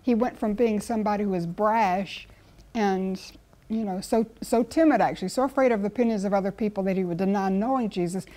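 A woman's voice: mid-range voice, a little fast, mellow. A woman, a guest Bible teacher speaking in an earnest, conversational teaching style. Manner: earnest, storytelling with acted quotes.

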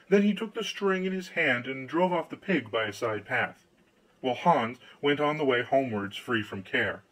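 A man narrating a fairy tale audiobook in an expressive storytelling manner. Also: medium pitch, moderate pace, poor audio.

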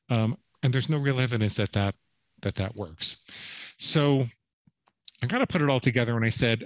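A man's voice: mid-range voice, a little fast, fairly bright tone, dry recording, low-quality recording. Earnest middle-aged man telling his story. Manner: earnest, emphatic, with frequent restarts and "right?" tags. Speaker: podcast guest. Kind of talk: storytelling interview talk.

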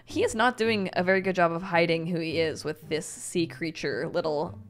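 A young woman hosting a comic read-through, giving gushing, excitable commentary and exclaiming often. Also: lowish voice, normal speed. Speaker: host reading a comic.

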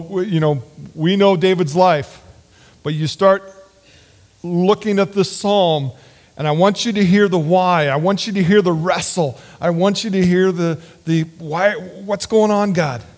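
High-voiced man preaching in a reverberant hall. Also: darkish tone. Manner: earnest, halting, with frequent restarts. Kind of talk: sermon.

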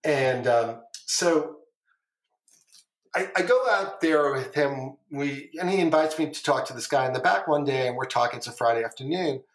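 A man's voice: mid-range voice, moderate pace. A middle-aged man, a former trader, telling long stories as a podcast guest, rambling and repeating phrases, with casual swearing. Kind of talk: casual storytelling interview. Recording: echoey room.

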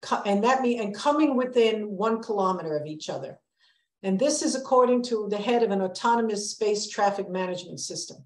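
Older lady giving a serious warning talk, mid pitch, kinda echoey hall sound. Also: a little fast, darkish tone, slight background noise. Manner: earnest, emphatic, warning tone. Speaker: public lecturer, planetary scientist. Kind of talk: prepared public lecture.

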